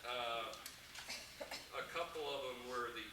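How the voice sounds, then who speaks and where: A man's voice: medium pitch, a little slow. A man giving a farewell speech for a colleague, telling rambling anecdotes with many fillers and building to punchlines. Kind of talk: anecdotal after-dinner storytelling. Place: banquet hall with audience. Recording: echoey hall from far off with room noise.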